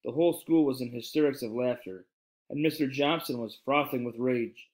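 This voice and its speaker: A man's voice: medium pitch, moderate pace, a little mellow, poor audio. Man reading a children's novel aloud. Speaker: reader.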